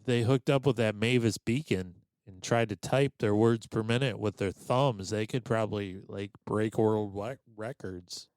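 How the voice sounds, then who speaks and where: A man's voice: lowish voice, measured pace, hardly any pauses, a little mellow, clean tone. A man hosting a comedy podcast, ribbing his co-host with sarcastic, mock-indignant banter.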